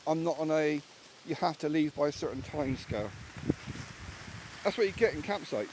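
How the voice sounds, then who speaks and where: A man's voice: on the high side, animated, moderate pace, noisy background. A man from England talking casually and bluntly as he rambles about his camp, swearing freely, outdoors in rainy woodland. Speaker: solo camper vlogger. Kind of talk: casual outdoor vlog talk. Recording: outdoor recording with loud rain.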